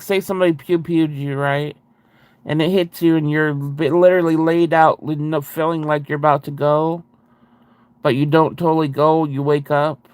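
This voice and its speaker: A man's voice: fairly high pitch, smooth, dry recording. A man hosting a casual video chat, reading viewer comments aloud with a rambling, self-interrupting way of talking and frequent laughs.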